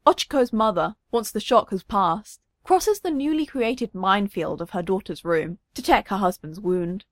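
Expressive woman reading a story. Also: mid-range voice, normal speed, no room sound, clean studio sound. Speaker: narrator.

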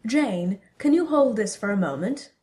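A woman's voice: on the high side, lively intonation, moderate pace, close to an everyday voice. A woman voicing a doting, cheerful hero who fusses over a partner in a storybook reading. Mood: fond. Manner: warm, smiling, fussing. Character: doting, cheerful Asgardian hero, gender-bent.

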